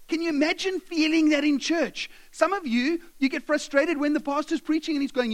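A man with a high voice preaches in a church. He talks to the congregation as if chatting with them, addressing them directly and casually. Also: animated, brisk, hardly any pauses. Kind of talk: sermon.

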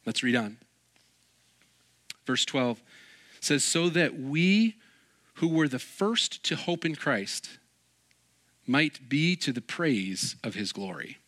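A man preaching a sermon, animated, acting out little quoted voices and joking with his listeners. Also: a little high, unhurried, long pauses. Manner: animated, acts out quoted voices, jokes and laughs. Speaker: pastor.

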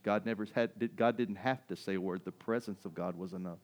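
A man preaching a sermon, moving from hushed, intense passages to loud, fervent ones, often asking the congregation "right?". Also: brisk. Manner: builds from hushed intensity to loud, high-pitched fervor, with rhetorical "right?"; acts out quoted voices of doubters. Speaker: pastor.

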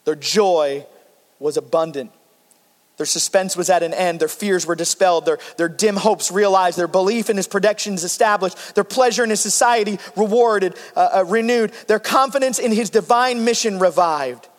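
A man in his thirties preaching a sermon, passionate and emphatic, dropping to hushed tenderness between loud peaks. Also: sits high, moderate pace. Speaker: pastor. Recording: long hall reverb.

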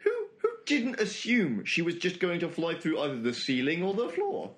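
A man's voice: a little high, very animated, normal speed. A man in a casual group chat, sardonic and quibbling over points.

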